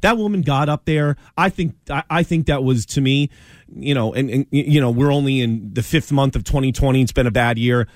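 A man's voice: mid-range voice, brisk, no echo, clean studio sound. Emphatic, stammering male sports radio host. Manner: emphatic, stammering restarts, opinionated. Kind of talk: sports talk radio banter.

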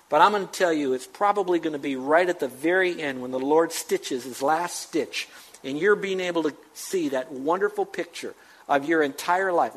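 A pastor preaching to his church in an emphatic, questioning way. His voice sits a little high for a man. He keeps pressing the listeners with rhetorical questions. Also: rough recording. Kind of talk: sermon.

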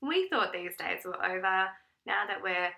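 A woman's voice: medium pitch, unhurried, gravelly, rough recording. A woman in her thirties, frankly telling a personal story in casual chat as a co-host. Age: 30s. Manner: frank storytelling, lively and animated. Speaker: podcast co-host.

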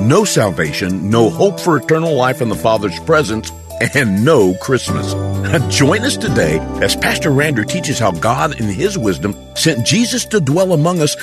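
Man announcing a sermon over music. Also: medium pitch. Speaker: program announcer. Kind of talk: scripted broadcast introduction. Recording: music bed behind the voice.

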